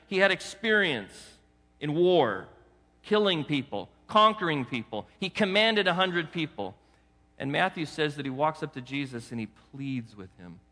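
A male preacher with a fairly high, bright, forceful voice delivers a sermon in a conversational way. He keeps turning to the congregation with questions and often stumbles into restarts. His voice rings out with a long reverb, like in a big church sanctuary. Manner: frequent restarts and repeated words. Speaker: pastor. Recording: long reverb of a large hall.

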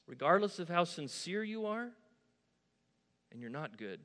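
A man preaching a sermon, moving from soft asides to loud, emphatic declarations. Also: fairly high pitch, sing-song, a little slow, pauses often. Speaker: pastor. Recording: long hall reverb.

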